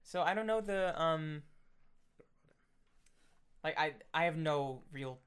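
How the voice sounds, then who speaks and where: A man in casual chat, easygoing and quick to laugh. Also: fairly high pitch, lively intonation, a bit bright, clean tone.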